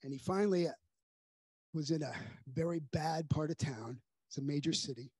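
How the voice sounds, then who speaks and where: A man preaching a sermon as a pastor, telling a story earnestly and dropping to a soft hush at its grave moments. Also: fairly high pitch, normal speed, breathy edge, dry recording. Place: church sanctuary.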